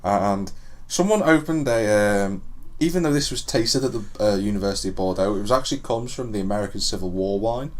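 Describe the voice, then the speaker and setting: A man's voice: fairly low pitch, fairly quick. A young man co-hosting a podcast in casual chat, joking, laughing and reading out news. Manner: banter, laughing often, reads out news. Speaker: podcast co-host.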